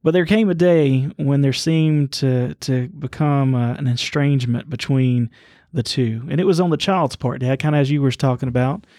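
A man co-hosting a Bible study podcast, telling a story in an earnest, halting way. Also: medium pitch, warm tone, no echo, clean studio sound. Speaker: podcast co-host.

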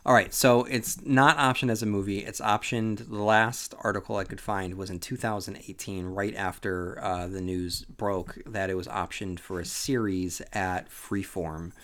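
On a rainy day at home, a sleepy podcast host rambles casually through a solo book discussion, full of fillers and restarts. His voice is lowish, steady and fairly bright, moving at moderate pace with hardly any pauses.

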